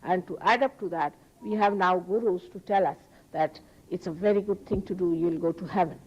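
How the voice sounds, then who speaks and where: A woman giving a public spiritual talk, earnest and emphatic, often rising sharply in pitch. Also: fairly quick, breathy edge, muffled recording. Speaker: spiritual teacher. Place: public hall.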